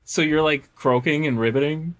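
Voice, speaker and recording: Male game master, high voice, dry narration. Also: moderate pace, a bit bright.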